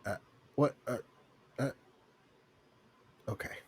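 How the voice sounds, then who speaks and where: A man's voice: slow, darkish tone. A man playing in a tabletop game, hesitant and stammering in casual chat. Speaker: tabletop player. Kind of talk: casual in-character play chat.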